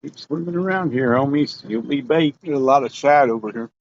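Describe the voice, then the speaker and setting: A man's voice: medium pitch, fairly quick. A man on a fishing boat, chatting and teasing his live-stream viewers in a joking, offhand way. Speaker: fishing vlogger reading live chat. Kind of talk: casual live-stream chat. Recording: dull lo-fi sound.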